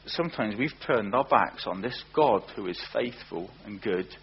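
A man preaching a sermon, earnest, often slowing down and repeating words for emphasis. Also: fairly low pitch, expressive, vocal fry, breathy edge. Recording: dull lo-fi recording with faint hum.

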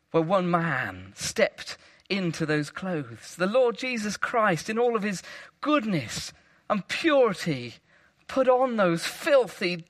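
A man preaching a sermon with dramatic emphasis, rising to loud peaks and dropping to hushed low phrases.

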